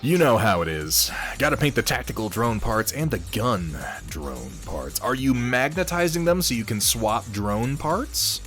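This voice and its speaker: A man's voice: medium pitch, very animated, a little slow, hardly any pauses, fairly bright tone, faint music behind. A man chatting casually on a live stream while painting miniatures, rambling, reading viewers' messages aloud and swearing offhandedly.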